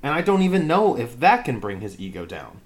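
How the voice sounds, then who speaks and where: A young man co-hosting a podcast in loose, joking banter. His voice sits at an ordinary middle pitch. He swears freely and keeps the talk casual. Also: very animated, fairly quick. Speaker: podcast co-host. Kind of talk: casual chat.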